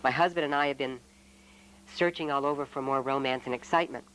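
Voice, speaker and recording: A man's voice: mid-range voice, steady tone, fast talker, a bit bright, a little hiss or hum, lightly acted, low-quality recording. A man putting on a lonely, wistful young wife. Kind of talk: acted quote in a retreat talk.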